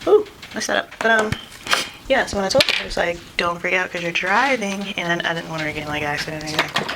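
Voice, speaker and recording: A woman's voice: fairly low pitch, rapid-fire, gravelly. A young woman chatting while doing her makeup at home, rambling with lots of "like" and frequent laughs. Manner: rambling, says "like" constantly, laughs often; acts out her mom's voice in quotes. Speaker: vlogger. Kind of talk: chatty get-ready-with-me vlog. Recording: noisy home recording.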